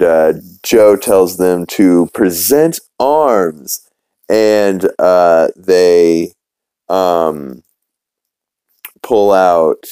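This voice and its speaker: A man with a low voice talks through an episode recap in loose, rambling fashion. His tone is mellow and relaxed, full of "uh" and "like" and the odd curse. The sound is dry and close. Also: clear, resonant tone, dry recording. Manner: rambling, with many fillers and restarts; swears casually. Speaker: podcast host.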